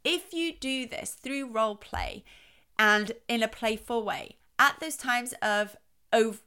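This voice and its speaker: Bright, animated woman giving parenting advice. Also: fairly high pitch, slow, smooth. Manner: playful, exaggerates her voice to demonstrate. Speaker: child psychologist host.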